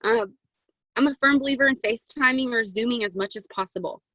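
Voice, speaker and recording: Chatty, excitable young woman on a video call. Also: a little high, quick pace, no echo, low-quality recording. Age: 20s. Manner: chatty and excitable, peppered with "um" and "right?". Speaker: guest speaker on a sales team call. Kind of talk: motivational team coaching talk. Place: home walk-in closet.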